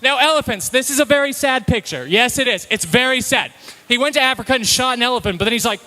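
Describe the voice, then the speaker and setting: A man giving an energetic, comedic slide presentation to a live audience, with punchy, playful delivery. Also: very high voice, fast. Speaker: presenter at a live talk night.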